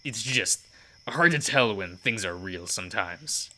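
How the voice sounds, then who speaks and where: A man voicing Ken, a gruff cursing biker. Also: on the low side, animated, sharp tone, a little hiss or hum, full character voice. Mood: softened. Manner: blunt, curses, halting apologies. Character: gruff swearing young male biker, guarded and brusque.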